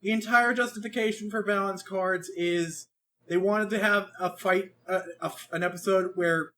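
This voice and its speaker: A man co-hosting a podcast, chatting casually in an animated, rambling way, with lots of swearing and restarts. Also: high voice, normal speed. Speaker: podcast co-host reviewing an anime. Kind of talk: casual chat.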